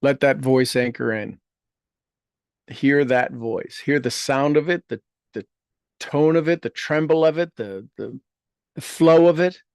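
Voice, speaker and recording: A man guides listeners through a meditation in an unhurried, gentle voice, repeating affirmations with soft, trailing endings. His pitch sits in a middle register, and the recording is dry and close with no room sound. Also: clear, resonant tone, no room sound. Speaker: meditation leader.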